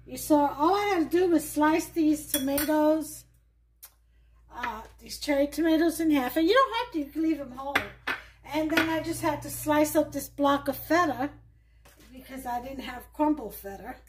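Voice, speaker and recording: A woman's voice: sits high, normal speed, a little hiss or hum. A woman with a mixed Southern and New York accent hosts a casual home cooking demonstration, chatting in a laid-back way while she works in her kitchen. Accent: mix of Southern US and New York. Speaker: cooking show host.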